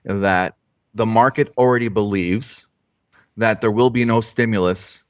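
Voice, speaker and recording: Casual male stream host, low voice, rambling and jokey, lo-fi sound. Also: a little slow. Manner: joking, rambling with restarts. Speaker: stock trading livestream host. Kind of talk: casual live-stream chat. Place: Florida home trading room.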